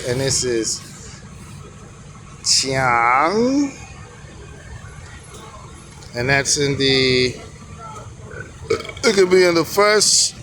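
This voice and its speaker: A man's voice: mid-range voice, bright, forceful tone, slight background noise. A man teaching on camera in a casual, easygoing, informal way. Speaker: calligraphy teacher.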